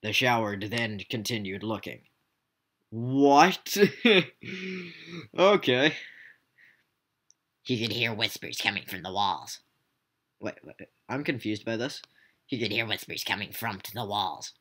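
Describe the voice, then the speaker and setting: Reading a goofy story for his video, this man speaks slowly with long pauses in a lowish, somewhat bright voice full of lively intonation. He stumbles over lines, cracks up laughing, and throws in asides along the way.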